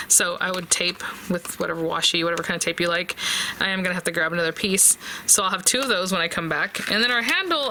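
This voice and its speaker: A woman's voice: medium pitch, vocal fry, bright, forceful tone, a little hiss or hum. A woman hosting a casual papercraft tutorial, chatty and thinking aloud as she talks to her viewers. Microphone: close desk mic.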